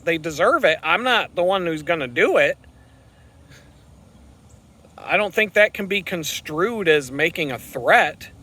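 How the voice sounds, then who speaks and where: Forceful, profane man ranting on a bike ride. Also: on the high side, animated, a little slow, pauses often. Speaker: vlogger. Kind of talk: rambling vlog while riding. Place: outdoors on a bicycle on the road.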